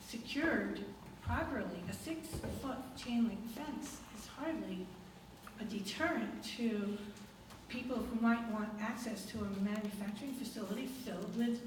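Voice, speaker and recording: A woman gives an earnest, halting public comment at a town meeting. Her voice sits a little high and carries from a distance. The recording is very echoey and noisy, like a large meeting hall. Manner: earnest, hesitant, with fillers and restarts. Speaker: resident speaking at public meeting.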